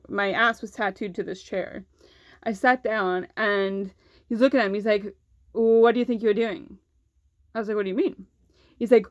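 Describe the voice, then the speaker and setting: Young woman, vlogger, casual storyteller; candid, swears, lots of "like"; mid-pitched, dry close sound. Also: no echo. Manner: candid, swears freely, heavy use of "like".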